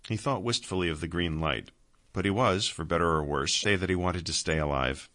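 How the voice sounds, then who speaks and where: A man reading a story aloud in calm, measured narration. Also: low-pitched. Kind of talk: scripted audiobook narration.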